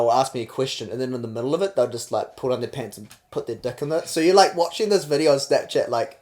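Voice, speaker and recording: A young man from New Zealand with a New Zealand accent, co-hosting a podcast and telling crude comic stories quickly and loosely. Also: mid-range voice, a little mellow. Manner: fast, rambling storyteller, acts out quotes. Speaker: podcast co-host. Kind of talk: crude comedic banter.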